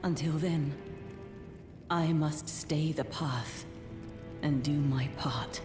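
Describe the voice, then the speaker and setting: A solemn female game servant, very low, slow and formal, echoey with loud music behind. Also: fairly even intonation. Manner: formal, grave and measured. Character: solemn devoted female servant of a fallen lord.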